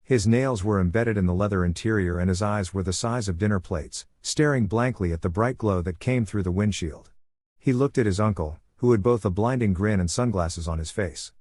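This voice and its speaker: A man's voice: on the low side, normal speed, darkish tone, dry recording, studio quality. A man reading fan fiction aloud, narrating and voicing the dialogue with little character acting. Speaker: fanfiction reader.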